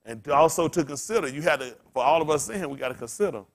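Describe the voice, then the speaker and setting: A male pastor with a slightly high voice for a man delivers a sermon in a relaxed, conversational style. He talks rapid-fire, tells stories and fires rhetorical questions at the congregation, swinging from loud, excited peaks down to near-murmurs.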